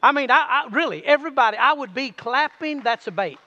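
A man preaching a sermon to a congregation, calling for amens and reading scripture aloud slowly. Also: very high voice, animated, bright, forceful tone, in a large hall, lo-fi sound. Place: church sanctuary.

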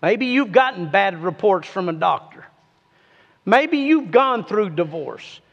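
A man preaching a sermon, reading scripture with emphatic, drawn-out stresses and calling on his congregation to repeat after him. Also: sits high, sing-song, creaky, a bit bright, highs cut off. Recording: long reverb of a large hall.

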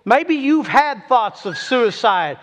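A man preaching a sermon, reading scripture with emphatic, drawn-out stresses and calling on his congregation to repeat after him. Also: very high voice, expressive, a bit bright, a little hiss or hum. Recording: long reverb of a large hall.

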